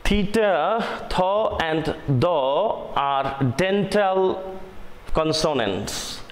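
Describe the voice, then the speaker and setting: Slow Bangladeshi-accented male teacher. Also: high-pitched, lively intonation. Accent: Bangladeshi English. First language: Bengali. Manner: slow, deliberate, spells out sounds one by one. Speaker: English teacher. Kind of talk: online phonetics lesson. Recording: echoey room with long reverb and faint noise.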